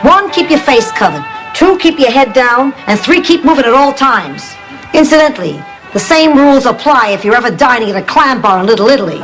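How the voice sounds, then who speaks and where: An actress playing a blunt, wisecracking elderly mother with tart deadpan quips in a studio sitcom. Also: high voice, brisk, rough recording. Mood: wry. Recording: old TV sitcom with loud music.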